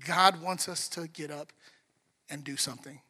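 A man's voice: on the high side, steady tone, moderate pace, sharp tone, breathy edge, long reverb tail. A man preaching a sermon as a pastor, joking and talking conversationally with the congregation. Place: church sanctuary.

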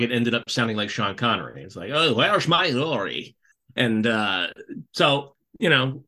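A man's voice: mid-range voice, pushed and bright. A man co-hosting a casual podcast chat, talking in jokey, rambling asides. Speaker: podcast co-host.

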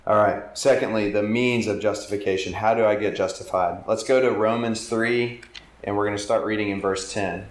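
A man's voice: lowish voice, steady tone, moderate pace. A man preaching and teaching, earnest, asking his listeners questions as he explains a passage. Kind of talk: sermon. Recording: echoey hall.

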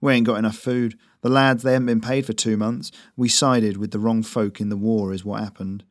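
A gravelly, burly enemy sergeant, as a male storyteller puts him on, blunt and flat as he speaks. The voice sits low, and the audiobook recording is dry and close. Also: brisk, no room sound, close to an everyday voice. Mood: resigned.

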